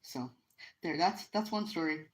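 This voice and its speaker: A woman's voice: low-pitched, expressive, measured pace, low-quality recording. A middle-aged woman from the United States, hosting a live stream at home by the fire and telling a personal story in a casual, earnest, emotional way with many restarts. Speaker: livestream host.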